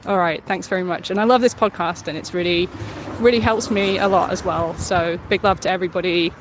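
A woman's voice: lowish voice, fairly even intonation, fairly quick, background noise. A woman calling in to a podcast with a voice message, speaking in a hesitant, reflective way with lots of fillers. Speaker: caller leaving a voice message.

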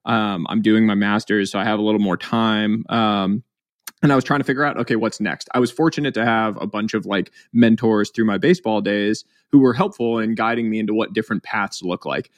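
A man in his thirties speaks as a podcast guest in a fairly low voice. He tells his story candidly and reflectively, filling the gaps with "like" and "um". The recording is close and dry, with no room sound. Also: fairly quick, no echo. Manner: candid, heavy use of "like" and "um".

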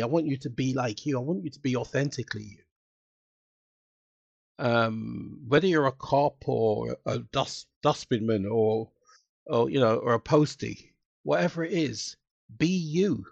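A man as a guest in a casual interview, telling stories in an animated, emotional way and acting out what people said. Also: medium pitch, normal speed, creaky, slightly rough, dry recording, lo-fi sound. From United Kingdom. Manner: animated, emotional storytelling with acted-out quotes.

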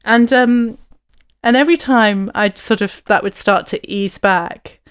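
A woman, a leadership coach, telling a personal story in an interview, thoughtful and soft-spoken with frequent pauses. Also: mid-range voice, smooth.

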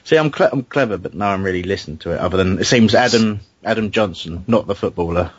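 A man's voice: sits low, expressive, fast talker, slightly rough, dry recording. A man hosting a casual football fan podcast, chatty and self-deprecating, with frequent restarts. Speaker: podcast host. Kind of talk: casual fan radio chat. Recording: dull lo-fi home recording.

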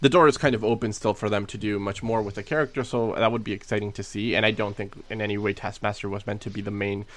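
A man casually reviewing a movie as a podcast co-host, talking haltingly with lots of fillers and restarts. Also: fairly low pitch, steady tone, fairly bright tone.

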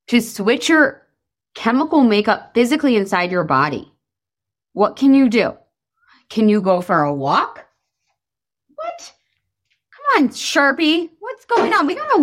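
Woman in her 30s giving a pep-talk style coaching session, chatty, bouncy pitch, lots of "like". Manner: animated, chatty, lots of fillers; breaks into voices for quotes. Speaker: weight-loss coach.

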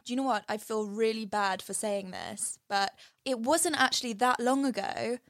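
A woman's voice: on the high side, normal speed, fairly bright tone. A woman from Britain co-hosting a podcast, chatting in a bubbly way and laughing easily. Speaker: podcast co-host. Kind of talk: casual chat.

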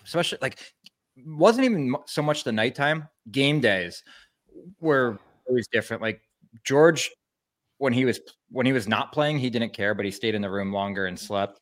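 A man, a former hockey player co-hosting a sports show, tells stories in a halting, self-mocking way. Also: mid-range voice, animated. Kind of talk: casual sports talk.

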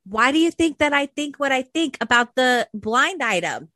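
A woman's voice: high-pitched, big pitch swings, moderate pace, sharp tone, no room sound. A woman co-hosting a gossip podcast, reacting dramatically in casual chat. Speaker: podcast co-host.

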